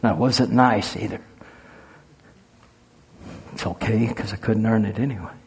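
A man's voice: lowish voice, unhurried, creaky, a little hiss or hum. A middle-aged man preaching a sermon and leading a spoken prayer, folksy and conversational, rising into fervent emphasis.

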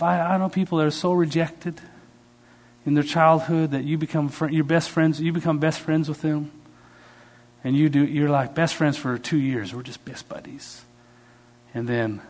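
A man preaching a sermon as a pastor, telling stories with sudden swings in pitch and loudness.

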